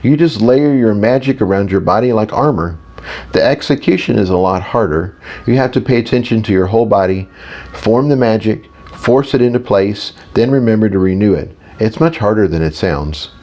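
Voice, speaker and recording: A man's voice: fairly low pitch, expressive, normal speed, a little mellow, lightly acted. A man narrating an audiobook, voicing a serious young male mage fighter who explains things patiently. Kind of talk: audiobook character voice.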